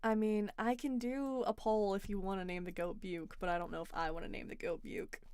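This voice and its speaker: A woman's voice: medium pitch, steady tone, brisk, darkish tone, smooth, no echo. A woman hosting a casual livestream call-in chat, dry and teasing in a matter-of-fact way. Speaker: livestream host.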